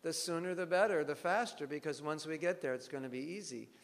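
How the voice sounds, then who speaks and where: Gravelly guy teaching a scripture class, kinda high voice, animated stories. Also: brisk, long reverb tail. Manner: animated storytelling, with bits of acted dialogue. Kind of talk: devotional class lecture.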